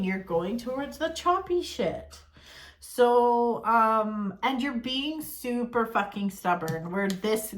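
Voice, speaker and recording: Blunt, swearing woman in an echoey room. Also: fairly high pitch. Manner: blunt, exasperated, swears freely. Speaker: tarot reader. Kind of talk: casual tarot reading to camera.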